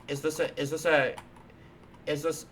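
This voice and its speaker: A man's voice: on the high side, level tone, moderate pace, a bit bright, slight background noise. A man hosting a live stream, chatting casually while coding, rambling and playful, with many restarts and fillers. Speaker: livestream host.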